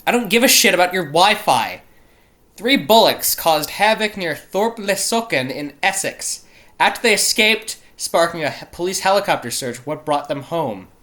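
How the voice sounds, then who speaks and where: Profane, exasperated man with a bright voice. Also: sits high, expressive, normal speed. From not British. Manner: profane, exasperated, self-interrupting; stumbles over place names. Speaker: show host. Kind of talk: casual solo commentary reading news quiz aloud.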